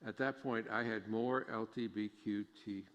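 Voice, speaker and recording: A man's voice: on the low side, steady tone, normal speed. A middle-aged man preaching a sermon as pastor, folksy and joking, rising to emphatic preaching. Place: church sanctuary. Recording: long church reverb.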